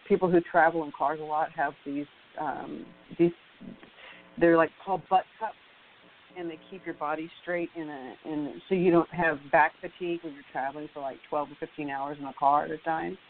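A woman's voice: deep voice, steady tone, slight background noise. A woman calling in for a reading, talking hesitantly in casual chat with many fillers. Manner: hesitant, halting, lots of fillers. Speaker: caller getting a reading. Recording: tinny phone line.

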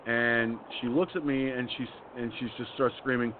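A man's voice: medium pitch, level tone, moderate pace. A man hosting a radio talk show who tells stories in a blunt, angry, profane rant. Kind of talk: ranting personal storytelling. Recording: phone-like line with faint noise.

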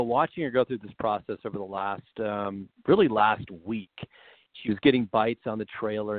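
A man's voice: lowish voice, dry recording. A man co-hosting a casual chat, talking in a friendly, encouraging, coaching way. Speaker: podcast co-host. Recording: tinny phone-like, dry sound.

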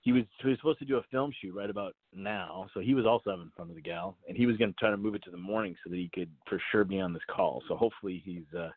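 A man's voice: sits low, very fast, hardly any pauses, no echo. Rambling man on a tinny phone line. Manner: rambling, chuckling, many fillers and restarts. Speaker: guest, inventor. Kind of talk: casual call-in chat.

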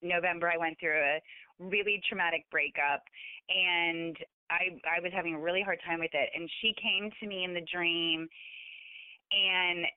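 A woman author as a guest, talking about her late mother in a halting, emotional way with many restarts. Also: on the low side, steady tone, clear, resonant tone, no room sound. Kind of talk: casual interview chat. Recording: tinny phone-line sound.

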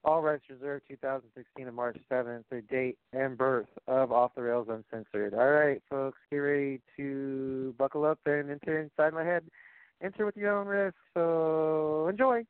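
A man hosts a loose, rambling chat show, full of fillers and jokes. His voice sits at a middle pitch. It comes through a thin, phone-like channel with a dry sound. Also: fairly even intonation, moderate pace, few pauses, clear, resonant tone, dry recording. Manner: rambling, filler-heavy, jokey. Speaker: podcast host.

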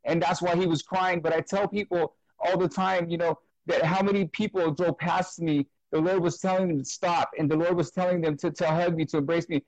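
A man's voice: fairly high pitch, steady tone, fairly quick, few pauses, a little mellow, no room sound, low-quality recording. A man, a guest minister in an interview, earnestly telling his personal testimony and retelling others' words at length. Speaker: guest, full-time minister.

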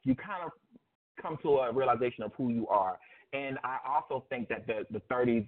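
A man's voice: mid-range voice, a little fast. A man in his thirties hosting a call-in interview, chatty, with frequent ums and easy laughs. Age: 30s. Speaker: host. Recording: tinny phone line.

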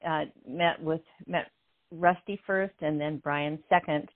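An older woman as a guest, telling a story in an animated way, often laughing, heard over a phone line. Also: sits low, measured pace, no echo.

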